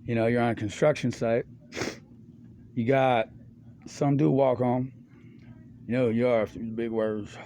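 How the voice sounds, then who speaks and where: A middle-aged man talking in a rambling, stream-of-consciousness way. His voice sits at an ordinary pitch for a man. His speech is loose, full of slang and swearing, and hops from subject to subject. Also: fairly even intonation, normal speed, mellow, no room sound. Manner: loose, slangy and profane, jumps between topics. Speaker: monologuist.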